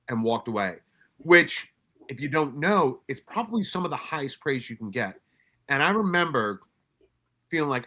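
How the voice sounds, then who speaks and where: Ex-detective, middle-aged man, candid and profane, sharp-edged bright tone, workshop storyteller. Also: medium pitch, animated, moderate pace. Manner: blunt, profane, emphatic, frequent restarts. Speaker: former homicide detective speaking at a workshop.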